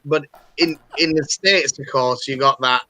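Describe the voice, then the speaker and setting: A man from the North of England chatting as a livestream guest. His voice is bright and forward. The sound is very dry and close. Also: on the high side, fairly even intonation, measured pace, no room sound, low-quality recording. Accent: Northern English. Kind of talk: casual chat.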